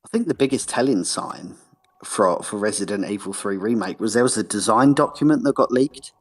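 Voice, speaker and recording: A man's voice: lowish voice, a little fast, slightly rough. A man with a British accent, a guest on a live stream, chatting casually and explaining his points at length with jokes. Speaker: guest commentator.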